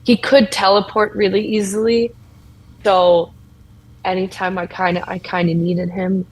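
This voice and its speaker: A woman voicing a shy young female champion of a death goddess in a tabletop role-play, speaking haltingly with many restarts. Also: medium pitch, little pitch movement, natural voice, low-quality recording.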